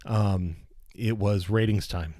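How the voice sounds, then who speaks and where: A man who works as a radio personality, telling stories in casual conversation in an animated way, swearing now and then and acting out the people he quotes. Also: on the low side, takes it slowly, no echo, clean studio sound.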